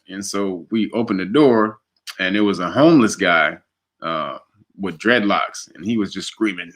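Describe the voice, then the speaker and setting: Bright-voiced man telling a story. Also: moderate pace. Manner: animated, laughs often, jumps to high pitch for quoted voices. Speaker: guest. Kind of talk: casual storytelling.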